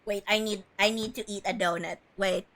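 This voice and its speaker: A woman streamer giving live gameplay commentary, excitable, laughing and swearing as she plays. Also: mid-range voice, normal speed.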